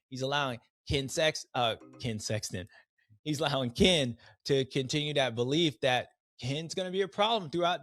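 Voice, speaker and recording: A man's voice: medium pitch, fairly bright tone, no echo, clean studio sound. A man hosting a casual race recap, rambling with slang and restarts and acting out riders' voices in quotes. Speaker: podcast host, former racer.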